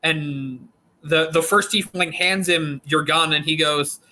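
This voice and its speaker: A man's voice: on the high side, steady tone, slow, pushed and bright, poor audio. A man narrating a tabletop game as game master, in a loose, joking way with frequent laughs.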